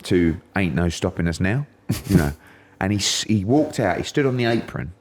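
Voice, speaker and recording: Low-voiced english guy, middle-aged, telling stories on a podcast, jumps into loud put-on voices for quotes. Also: moderate pace, slight background noise. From England. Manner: animated, acts out quotes in raised voices. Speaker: podcast guest. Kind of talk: casual storytelling chat.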